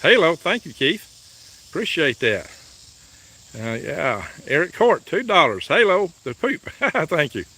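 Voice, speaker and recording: The farm livestreamer's voice here is fairly high, bright, and forceful, swinging widely in pitch at a slow pace. He reads viewers' messages aloud in a folksy, chatty style, filming himself by phone outdoors near a truck.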